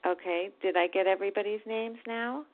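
A woman chairing a group meeting, briskly checking who wants to speak next. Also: mid-range voice, steady tone. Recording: phone-like line.

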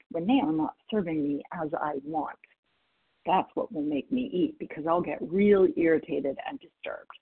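Over a phone call with phone-quality audio, a woman from North Idaho gives a candid personal share at a recovery meeting. Her voice is lowish and breathy-edged with some vocal fry, and she laughs at herself and quotes other people.

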